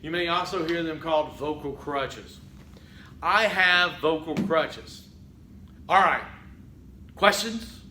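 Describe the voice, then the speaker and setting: A man teaching a public speaking class in a conversational lecture, often saying "okay" and acting out halting speech full of fillers. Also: on the high side, pushed and bright, echoey room, slight background noise, poor audio. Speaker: college public speaking instructor. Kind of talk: recorded lecture.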